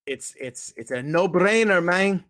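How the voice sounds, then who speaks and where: A man's voice: sits high, expressive, measured pace, a bit bright, dry recording, studio quality. A man hosting a fantasy football podcast, chatting casually and hyping his picks. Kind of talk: casual sports talk.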